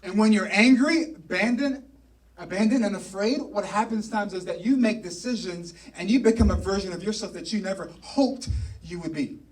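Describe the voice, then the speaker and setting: A male pastor preaching a sermon in a church, telling a story with animated energy and playful asides. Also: high voice, normal speed, distant mic. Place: church sanctuary.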